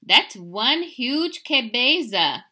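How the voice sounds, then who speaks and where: A woman's voice: fairly high pitch, very slow, voice pushed up, exaggerated voice. Woman doing a bouncy boastful kitten boy. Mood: excited. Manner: excitable, chanting, mock Spanish flair.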